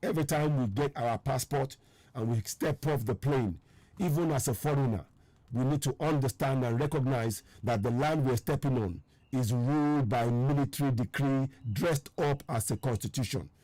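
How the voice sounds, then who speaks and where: Speaking at a moderate pace in a warm, medium-pitched voice with no room sound, this Nigerian man runs a live online stream. His tone is strained and weary, yet he presses viewers insistently, repeating himself to drive points home. Along the way he calls out viewer names and replies to what they've commented.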